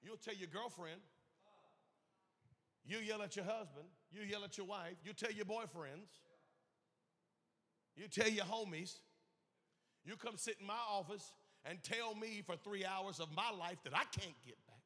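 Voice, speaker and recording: A man's voice: high-pitched, a little slow, long pauses, bright, forceful tone. A man pastor preaching a sermon with passionate, emphatic repetition. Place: church sanctuary. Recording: echoey church hall.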